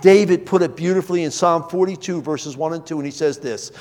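A middle-aged man preaching a sermon as pastor, swinging between raised emphasis and quiet asides. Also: fairly high pitch, brisk, in a large hall.

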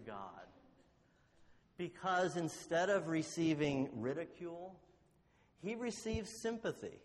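A man preaching a sermon, telling a story and asking rhetorical questions, slowing down to stress key words. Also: on the high side. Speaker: pastor. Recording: long hall reverb.

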